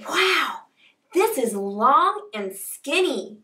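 High, singsongy preschool show woman. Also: big pitch swings, extremely slow, recorded from a distance, faint music behind. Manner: bright, exaggerated, encouraging kids-show delivery. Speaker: children's show host. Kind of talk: preschool lesson with sing-along.

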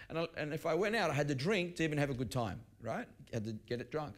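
Pastor teaching with lively personal stories. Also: male voice, on the high side, fast, hardly any pauses, a little hiss or hum. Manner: conversational, with restarts and personal stories. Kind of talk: sermon teaching.

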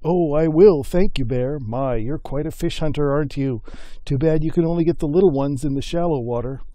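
A charming, scheming coyote trickster from a folk tale, coaxing and sweet-talking, as a male storyteller puts her on. The voice rides a little above his usual pitch, and the sound is dry and close. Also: animated, a little slow, mellow, no room sound. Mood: flattering.

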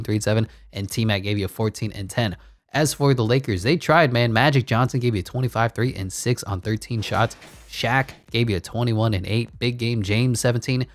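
A man calling a simulated basketball video game play-by-play, excitable and jokey, rising to big shouts on key moments. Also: mid-range voice, no room sound. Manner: jokey asides and laughs between calls. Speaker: gaming channel host.

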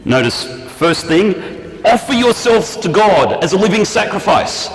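Animated preacher in echoey hall. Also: male voice, a little slow. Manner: animated, acts out prayers and quotes with shifting pitch. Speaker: pastor. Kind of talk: sermon. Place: church hall. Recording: echoey church hall, long reverb.

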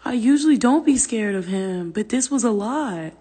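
A woman's voice: a little high, expressive, moderate pace, dark tone, husky, long reverb tail. A woman chatting casually on a phone livestream from her family room, rambling and swearing freely and slipping into whispers. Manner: loose, profane, rambling, drops to whispers. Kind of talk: casual livestream chat, reading comments.

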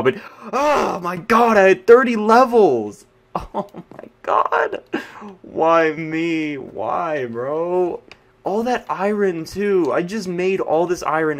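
A young man giving live gameplay commentary, frustrated and ranting, swinging between yelling and muttering. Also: fairly high pitch. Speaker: gaming YouTuber.

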